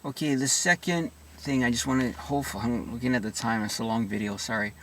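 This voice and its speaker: A man speaking in a slow, halting way, often restarting his sentences as he works through personal experiences. His voice sits at an ordinary middle pitch. He is set a little back from the microphone. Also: fairly even intonation, distant mic, a little hiss or hum. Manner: halting, full of restarts and soft asides. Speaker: vlogger sharing personal experience. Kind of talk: reflective personal monologue.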